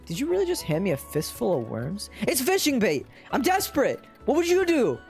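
A streamer shouting as a flustered, panicky young camper. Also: medium pitch, wildly swooping pitch, brisk, gravelly, soft background music, pitched above the performer's own voice. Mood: desperate. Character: panicky young camper caught breaking rules. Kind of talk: voicing game dialogue on a stream.

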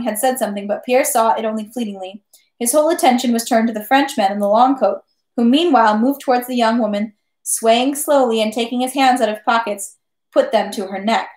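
A woman reading a classic novel aloud at home, steady with occasional slips and self-corrections. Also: on the high side, echoey room. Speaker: reader.

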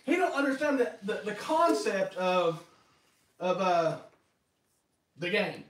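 A man preaching a sermon as pastor, telling stories in a lively way and acting out quotes. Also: high-pitched, slow. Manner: lively, animated storytelling with acted-out quotes. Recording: echoey hall, voice from far off.

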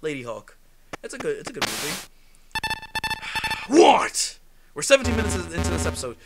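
Male game commentator, casual, rambling and self-interrupting; high voice with wide pitch swings. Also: wildly swooping pitch, fairly quick, over loud music. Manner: rambling, trails off and restarts mid-sentence. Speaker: gameplay commentator.

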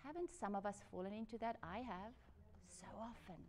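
A woman's voice: mid-range voice, brisk, darkish tone. A woman giving a discipleship Bible lesson in an earnest, personal, conversational way, acting out quoted lines as she goes. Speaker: Bible teacher. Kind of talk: discipleship teaching.

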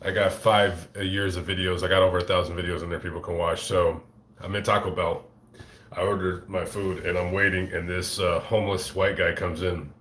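A man telling a rambling, profane story on a casual live stream, recorded on a phone in a fast-food restaurant. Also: sits low, echoey room, a little hiss or hum. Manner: rambling, profane, animated retelling. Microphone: phone camera.

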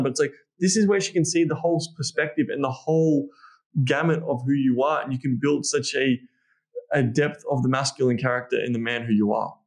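A man's voice: mid-range voice, fast talker. A man with an Australian accent, a guest coach talking frankly on a podcast, swearing freely and acting out the lines he would say. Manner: blunt and heavily profane, acts out lines he would say. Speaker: guest, dating and sex coach. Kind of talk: candid podcast conversation.

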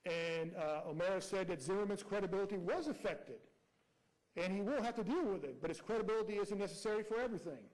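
A man's voice: high voice, fast talker, a little mellow, poor audio. A man arguing as prosecutor before a judge, reading out quotes and pressing rhetorical questions. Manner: reads quotes aloud. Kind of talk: courtroom argument.

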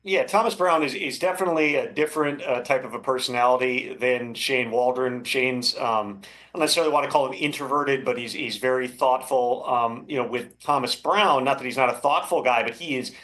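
A man working as a football insider, giving measured, thoughtful analysis as an interview guest, with frequent fillers. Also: mid-range voice, a bit bright. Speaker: NFL insider.

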